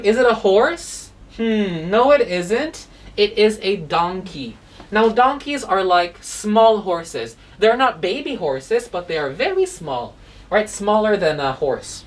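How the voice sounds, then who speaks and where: A woman's voice: mid-range voice, distant mic. A woman teaching a children's phonics lesson, spelling out animal names letter by letter and asking the kids questions.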